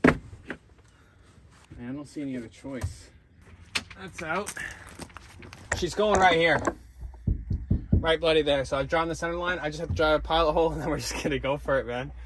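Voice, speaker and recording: A man's voice: on the high side, moderate pace, long pauses, very noisy. A man vlogging casually while working on his van, joking and talking to himself as he goes. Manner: excitable, joking, talks to himself as he works.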